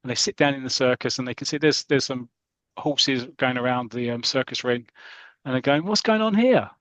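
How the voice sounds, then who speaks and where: Guy retelling an old comic story on a podcast, mid pitch, dry close sound, gets animated. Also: fairly quick, dry recording, rough recording. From England. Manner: animated storytelling, acting out quotes. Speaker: podcast host.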